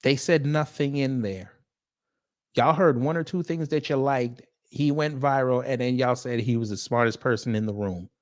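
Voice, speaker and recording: A man's voice: mid-range voice, normal speed. Blunt mocking man, casual commentary. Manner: blunt, mocking, talks straight to the audience; swearing, slangy. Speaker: host.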